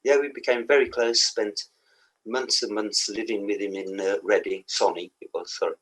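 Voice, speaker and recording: Older Black Country musician, husky and low, rambling and anecdotal. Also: male voice, steady tone, moderate pace, a bit bright, low-quality recording. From England. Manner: rambling anecdotes with laughs and asides. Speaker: guest musician. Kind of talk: casual podcast interview.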